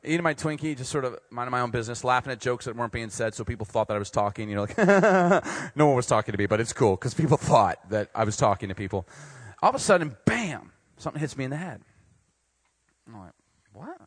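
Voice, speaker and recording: Animated man telling a funny story. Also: mid-range voice, fast, no echo. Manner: animated, self-deprecating, laughs at his own jokes. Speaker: preacher. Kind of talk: humorous sermon storytelling.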